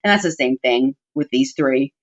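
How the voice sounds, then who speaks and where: A woman's voice: rumbling low, animated, normal speed. A woman, a podcast guest, telling personal family stories in a chatty, heartfelt way, with plenty of "like" and "you know" fillers. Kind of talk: personal storytelling in conversation. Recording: dull muffled audio.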